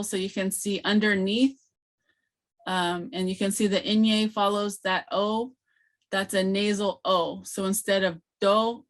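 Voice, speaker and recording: A woman leading an online training session as a language teacher trainer, explaining sounds patiently and slowly, with many fillers, heard through a computer mic on a video call. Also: mid-range voice.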